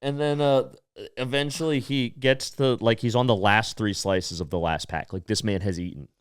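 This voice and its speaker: A young man spins a comedy podcast story with a smooth, clear voice, slipping into quick put-on voices for the people in it. The sound is dry and close, with no room around it. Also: mid-range voice, no room sound. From United States. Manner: animated storyteller, quoting others in lively put-on voices. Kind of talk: casual storytelling chat.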